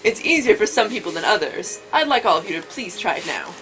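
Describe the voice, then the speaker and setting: Woman reading game lines aloud, bright and lively, playful mock authority. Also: fairly low pitch, fast talker, soft background music, poor audio. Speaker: let's play host.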